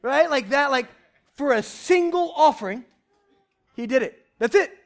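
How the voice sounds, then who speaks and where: A young man preaching a lively, conversational sermon from a church stage, shouting at times for emphasis. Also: extremely high pitch, unhurried, vocal fry. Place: church stage before a congregation.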